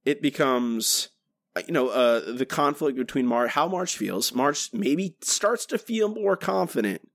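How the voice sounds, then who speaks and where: A man's voice: mid-range voice, measured pace, gravelly, no echo, clean studio sound. A man co-hosting a podcast, talking casually and rambling with frequent restarts. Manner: rambling, many restarts, animated. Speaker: podcast co-host.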